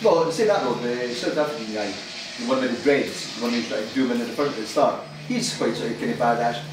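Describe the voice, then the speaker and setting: A man's voice: medium pitch, fairly quick. A young man chatting casually with friends, rambling and hedging his words. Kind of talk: casual chat. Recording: echoey room, distant mic, noisy.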